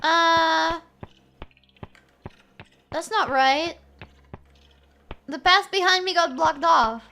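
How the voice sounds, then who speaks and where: A woman's voice: extremely high pitch, drawn-out words, creaky, pushed and bright, faint music behind. A woman streamer giving casual, playful commentary while she plays a horror game and jokes with her chat. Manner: playful, jokey, talks to chat.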